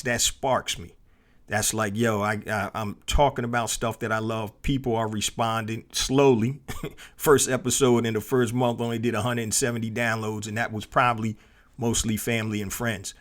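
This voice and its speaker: A middle-aged man hosting a solo podcast, telling a personal story in a loose, conversational way with many fillers and restarts. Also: on the low side. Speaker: podcast host.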